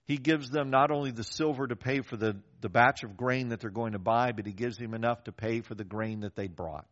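An older man preaching a sermon as a pastor, telling a story in a conversational, animated way and acting out the quoted voices. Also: mid-range voice, brisk. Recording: dull lo-fi recording.

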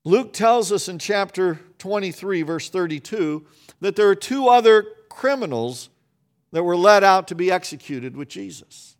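A man pastor delivering a sermon, earnest and emphatic, with deliberate pauses and repeated phrases. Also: high-pitched, animated. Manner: restarts and repeated words when speaking quickly.

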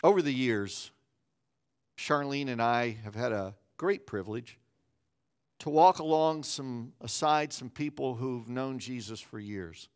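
A man's voice: medium pitch, animated, measured pace, clean tone. A man preaching a sermon as a pastor, earnest, often repeating words as he builds his point.

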